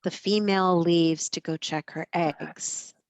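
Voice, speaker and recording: A woman hypnotherapist leads a regression session with short, guiding prompts. She speaks slowly in a lowish voice, and the recording is dry. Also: fairly even intonation, dry recording.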